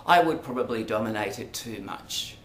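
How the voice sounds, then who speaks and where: An Australian man talks through a casual monologue to camera, rambling and hesitant, with frequent ums and asides. His voice sits at an ordinary middle pitch. The room around him is echoey, with a faint hiss behind. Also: expressive, moderate pace, fairly bright tone. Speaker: vlogger. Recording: roomy echo, faint background noise.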